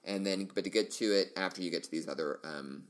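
A man's voice: sits low, quick pace. A middle-aged man hosting a solo podcast, chatting casually and enthusiastically, rambling with lots of fillers and restarts. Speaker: podcast host.

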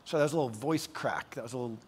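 A man preaching a sermon as pastor, animated and conversational, with casual asides to the congregation. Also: mid-range voice, rapid-fire, long reverb tail, a little hiss or hum.

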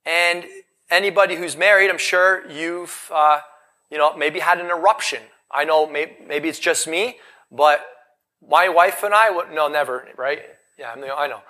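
A man giving a live motivational talk on stage, energetic and full of rhetorical questions to the audience. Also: on the high side, normal speed. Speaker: motivational speaker. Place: event hall in front of a live audience.

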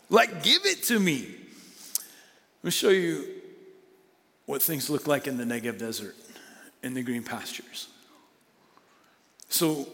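A man preaching a sermon, animated with playful asides, then dropping to hushed emphasis. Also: on the high side. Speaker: pastor. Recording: long hall reverb.

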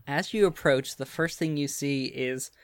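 A man narrating a tabletop role-playing game as game master, in a casual, relaxed way with fillers. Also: medium pitch, a little slow, smooth, no echo.

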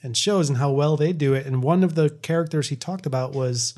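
A man's voice: a little high, brisk, darkish tone. A man chatting casually as a podcast co-host, rambling with frequent laughs and restarts. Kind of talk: casual chat.

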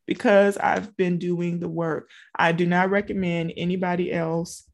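Speaking at a measured pace, she keeps her low voice fairly flat in pitch. She is a middle-aged coach for businesses, raised in small-town Louisiana, and her relaxed motivational talk addresses listeners head-on with frequent asides.

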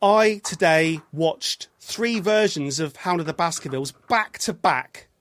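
A man's voice: a little high, a little slow, fairly bright tone, slight background noise. An English man hosting a podcast in casual, rambling chat, often stopping and restarting his sentences. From England. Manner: chatty, rambling, self-interrupting. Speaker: podcast host.

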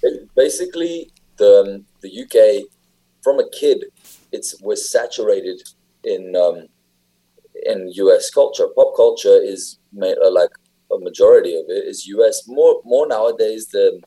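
A young man with an English accent talks in an easy, rambling way, full of fillers and restarts. His voice sits low and sounds dark and mellow, with a husky edge. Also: unhurried, poor audio. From England. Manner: rambling, filler-heavy storytelling. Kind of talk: casual chat.

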